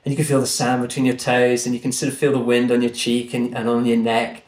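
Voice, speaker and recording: A man guest on a podcast, telling a story in an earnest, animated way. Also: medium pitch, fast talker. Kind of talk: conversational storytelling. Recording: roomy echo.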